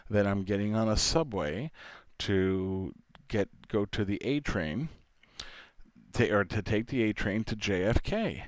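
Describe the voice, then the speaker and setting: A man's voice: lowish voice, unhurried, no echo, clean studio sound. A man from New York hosting a casual solo podcast, rambling and chatty and laughing often. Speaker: podcast host, father.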